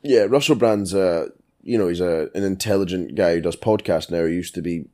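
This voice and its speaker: A man with a fairly low voice co-hosts a film podcast. He chats casually and answers briefly, in a dry, agreeable way. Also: a little fast, darkish tone. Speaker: podcast co-host.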